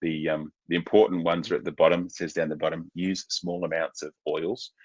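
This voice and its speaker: A man with a low, deep voice talks through a webinar as a coach. His delivery is loose and conversational, full of ums and restarts. The sound is dry and dull, a bit muffled. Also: level tone, fairly quick, a little mellow, no echo. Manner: casual and chatty, with many fillers and restarts. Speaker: mental health coach. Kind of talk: webinar presentation.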